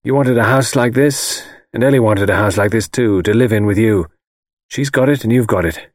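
A man's voice: lowish voice, moderate pace, no room sound, clean studio sound, lightly acted. A man reading an audiobook voices an intense, brooding male architect who presses cryptic, insistent warnings. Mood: urgent.

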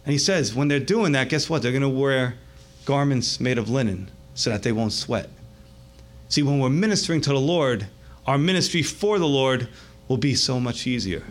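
A man pastor preaching a sermon in a conversational, animated way that keeps checking in with the listeners. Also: medium pitch, normal speed.

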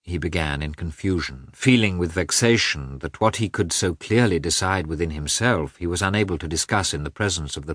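A man reading a novel aloud in scripted narration, measured and expressive. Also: deep voice, dry recording, studio quality. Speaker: audiobook reader.

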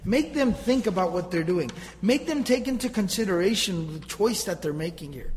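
Animated man teaching Quran commentary. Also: sits high, normal speed, long reverb tail, a little hiss or hum. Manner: animated, mocks challengers in a taunting voice, recites Arabic verses.

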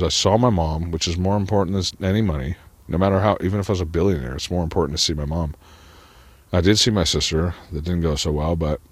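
A man's voice: low-pitched, a little mellow, no room sound. A man talking to camera in a rambling personal monologue, profane and full of "like". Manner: profane, rambling, heavy use of "like". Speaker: vlogger.

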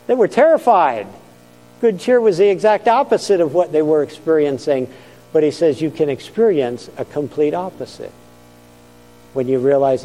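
Male pastor, earnest storytelling sermon, mellow, fairly high voice, long reverb. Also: moderate pace, long pauses.

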